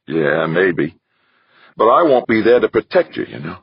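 A man voicing a gruff aging miner, a father who mutters in clipped, grudging phrases. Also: deep voice, sing-song, normal speed, no room sound, muffled recording, pitched above the performer's own voice, heavily acted.

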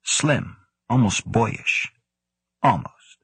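A man voicing an uneasy male observer, muttering his thoughts low to himself. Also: lively intonation, drawn-out words, gravelly, fairly bright tone, husky, no echo, heavily acted. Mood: musing.

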